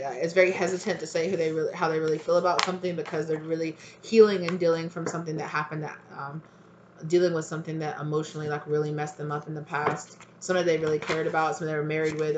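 A woman with a deep voice gives a casual tarot reading over lo-fi audio with background noise. Loose and chatty, she acts out what friends might say, using "like" a lot.

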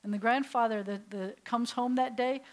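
A woman's voice: fairly high pitch, steady tone, moderate pace, rough recording. Rabbi teaching a class, storytelling woman. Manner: storytelling, asks the class questions. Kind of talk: classroom lecture to adult learners. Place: synagogue classroom.

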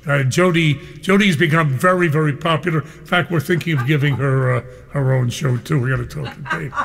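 Older male radio DJ, playful and chummy, slightly high voice with a long echo tail. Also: a little fast, creaky, fairly bright tone. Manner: exuberant, chummy, playful banter. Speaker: radio disc jockey. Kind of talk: live radio show hosting.

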